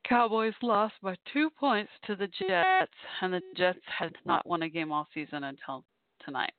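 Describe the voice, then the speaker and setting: A woman's voice: mid-range voice, lively intonation, a little slow, dry recording. A woman hosting a live call-in podcast, chatting casually and wandering between topics, tired and yawning. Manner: chatty, meandering, tired with yawns. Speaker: podcast host. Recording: thin phone-like dry sound.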